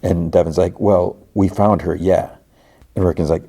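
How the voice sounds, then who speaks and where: A man's voice: deep voice, moderate pace, dark tone, breathy edge. A man hosting a podcast, casually retelling a TV episode and quoting its characters, laughing now and then. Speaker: podcast host.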